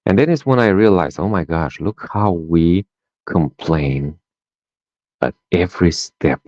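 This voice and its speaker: Speaking at a measured pace, a deep-voiced man from Romania tells personal stories as a podcast guest, where he is introduced as a life coach. Romanian is his first language, and he brings the tales to life by performing the dialogue and tagging lines with "right?". The sound is flat and dry, without echo.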